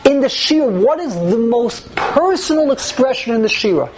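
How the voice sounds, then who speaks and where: A woman's voice: fairly high pitch, lively intonation, normal speed, a little mellow, a little hiss or hum, rough recording. A woman teaching a religious text class, explaining step by step and asking herself rhetorical questions.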